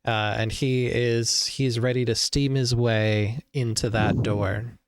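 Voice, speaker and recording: A man running a tabletop game who describes scenes in a relaxed, unhurried way. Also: medium pitch, noisy background. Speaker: game master.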